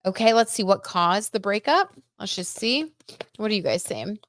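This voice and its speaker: A woman's voice: mid-range voice, lively intonation, moderate pace, no room sound, clean studio sound. A young adult woman hosting a casual tarot gossip livestream, chatty and giggly as she talks to her viewers. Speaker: tarot reader and livestream host.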